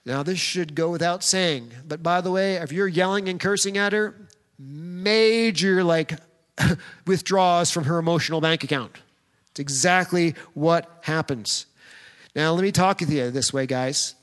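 A pastor with a voice set a little higher than most men's delivers a sermon in a direct, plain-spoken way, speaking straight to the men in front of him. Each line rings out into a long hall reverb. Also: male voice, unhurried, a bit bright.

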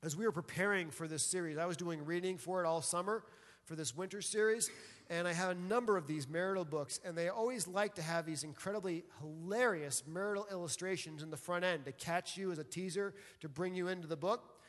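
A high-pitched male pastor delivers a chatty, humorous sermon and drops playful asides between points. His voice rings out with a long reverb tail through a large church hall. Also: brisk, a bit bright. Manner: conversational and joking, with playful asides.

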